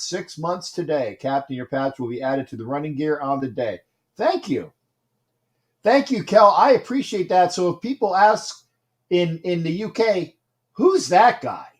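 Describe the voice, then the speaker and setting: A man with a slightly higher voice hosts a loose, rambling livestream. He greets his viewers one by one, repeats his words, and reacts to the plays of a live game. His voice rises and gets louder when the action heats up. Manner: gets loud and excited during big plays. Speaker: livestream host. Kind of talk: casual livestream chat and game commentary.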